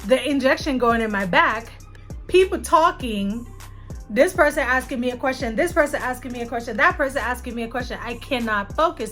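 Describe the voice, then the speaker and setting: A young adult woman vlogger telling a personal story to her viewers in an animated, chatty way. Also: on the high side. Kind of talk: casual storytelling to camera.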